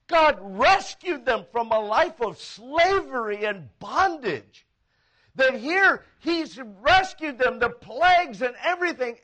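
Male pastor, sermon, high lively voice, slow unhurried delivery, bright tone. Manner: animated storytelling, acting out quoted voices.

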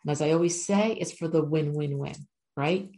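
A woman's voice: sits low, moderate pace, mellow. A woman working as a spiritual coach, giving an earnest, repetitive motivational talk to her viewers as she reads oracle cards. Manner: earnest, repetitive, often asks "right?".

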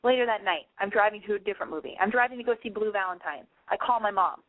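A young woman with a medium-pitched voice talks fast as she hosts a call-in show, rambling casually, cursing often and saying "like" constantly. No room sound comes through; the recording is dry and tinny, phone-like.

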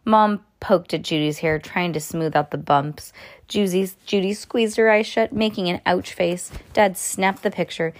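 A woman's voice: on the low side, steady tone, unhurried. Woman reading a storybook aloud at home. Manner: casual home read-aloud with slips and restarts. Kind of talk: reading a children's book aloud.

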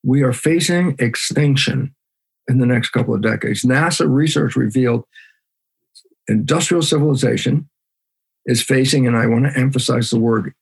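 A man's voice: medium pitch, moderate pace, gravelly, slightly rough. A man being interviewed as a guest biologist, talking emphatically and animatedly. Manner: emphatic, acts out his own side of conversations.

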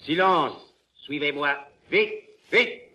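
An actor playing a jovial, commanding French circus ringmaster with a French accent, in a 1940s radio drama. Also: male voice, on the high side, bright, forceful tone, lo-fi sound, full character voice. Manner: theatrical, switches between brisk orders and hearty laughter. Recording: old radio recording with faint hiss.

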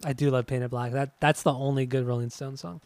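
Swearing, rambling podcast co-host. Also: male voice, mid-range voice, steady tone, fast talker, darkish tone, no room sound. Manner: rambling, swears freely, laughs often. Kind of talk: casual music podcast chat.

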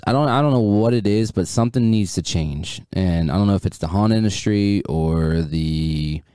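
A man who is a guest on a podcast, talking in a laid-back, halting way that often trails off. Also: low voice, dark tone, clear, resonant tone, dry recording, clean studio sound. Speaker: guest, horror writer and haunt actor. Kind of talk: casual podcast chat.

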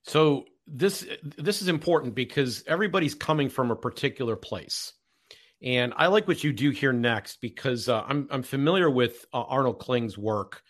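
A podcast host with a plain mid-range male voice leads the conversation. He thinks out loud and often rephrases himself as he sets up questions. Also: medium pitch, expressive, moderate pace. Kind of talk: casual interview chat.

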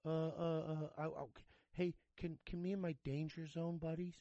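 A man's voice: on the high side, level tone, moderate pace, mellow, lightly acted. Man mocking a whiny wannabe troll. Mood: whiny pleading. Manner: mocking, pleading. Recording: dull lo-fi mic.

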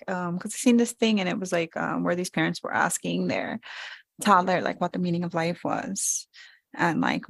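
Woman in her 30s yakking casually, lowish voice, dry close mic, acts out her kids talking. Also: creaky, dry recording. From New York. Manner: candid, storytelling, acts out her kids' lines. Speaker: podcast co-host. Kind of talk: casual chat.

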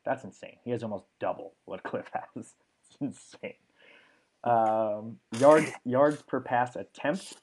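A man's voice: lowish voice, creaky, a little mellow, slight background noise. A young man hosting a sports podcast, chatting casually and reeling off stats with lots of fillers. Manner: enthusiastic, rattles off stats with fillers. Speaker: podcast host.

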